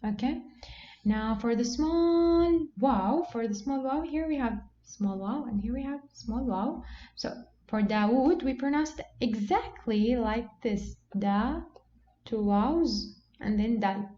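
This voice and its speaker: A woman's voice: a little high, mellow. Patient woman teacher, lo-fi recording. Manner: patient, repeats "okay" often, slows to model words. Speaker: Quran recitation teacher. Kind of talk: explanatory lesson on reading marks. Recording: dull lo-fi sound with faint background noise.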